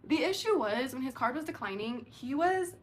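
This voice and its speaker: A woman's voice: high-pitched, moderate pace, a little hiss or hum. Chatty young woman telling a storytime. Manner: chatty, animated, heavy use of filler "like". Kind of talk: casual storytime monologue.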